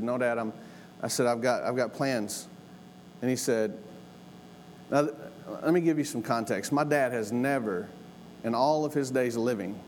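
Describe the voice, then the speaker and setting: Earnest folksy man in a reverberant hall. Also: medium pitch. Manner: folksy, earnest, repeats himself for emphasis. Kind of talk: storytelling sermon. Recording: long hall reverb, faint room noise.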